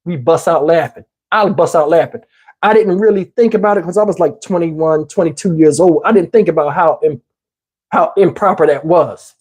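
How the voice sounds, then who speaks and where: A man in his fifties hosting a livestream, telling a story casually and profanely, animated and rambling with many restarts. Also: fairly high pitch, normal speed, slightly rough. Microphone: wearing a microphone.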